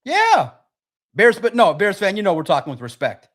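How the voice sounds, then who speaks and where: Live-stream sports host, male, slightly high voice, animated and sarcastic, reads chat aloud. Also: normal speed.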